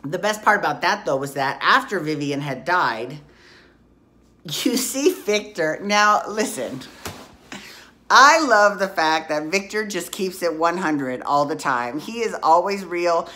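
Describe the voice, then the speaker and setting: A woman with a notably low voice hosts a casual soap opera recap. She talks in a loose, chatty way, blunt and quick to swear as she goes through what happened. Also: lively intonation, bright, forceful tone.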